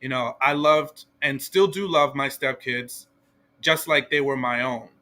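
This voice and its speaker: A man as a guest in a casual podcast discussion, talking in a measured, reasoned way and often checking with "right?". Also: medium pitch, bright, forceful tone. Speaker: guest panelist.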